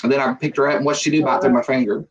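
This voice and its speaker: A man's voice: mid-range voice, steady tone, rapid-fire, lo-fi sound, over a noisy crowd. A man, chatting casually on a live stream and telling joking stories with frequent laughter. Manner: joking storyteller, laughs often.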